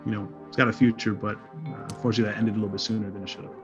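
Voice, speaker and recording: A man's voice: on the low side, level tone, rapid-fire, muffled recording, over music. A man co-hosting a podcast in casual chat, laid-back, trailing off and correcting himself. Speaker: podcast co-host.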